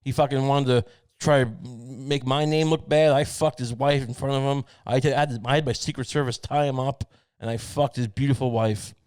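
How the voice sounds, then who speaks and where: Guy putting on a crude old politician, brags and throws insults, flat dry sound, nothing around it. middle pitch, plain voice, just mean and loud-mouthed. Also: moderate pace, clean tone, no room sound, lightly acted. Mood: boastful.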